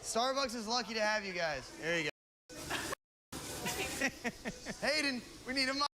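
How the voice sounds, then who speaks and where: Excitable young man, high voice, loud noise. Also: moderate pace. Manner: excitable, shouts and laughs with friends. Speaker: vlogger. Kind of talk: casual chat.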